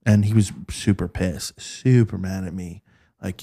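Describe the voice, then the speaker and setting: A man's voice: low-pitched, unhurried, creaky, husky. A man casually telling stories from an old job, acting out the people he quotes. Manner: animated, acts out quoted voices. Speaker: podcast guest recounting work stories. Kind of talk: casual storytelling chat.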